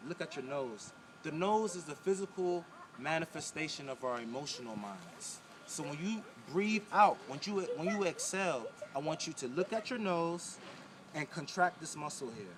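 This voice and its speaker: There's crowd noise behind this man's somewhat high, expressive voice, which moves at a normal speed. A spiritual wellness teacher, he coaches a breathing and pelvic floor exercise in a casual video, repeating his instructions straight to the viewer.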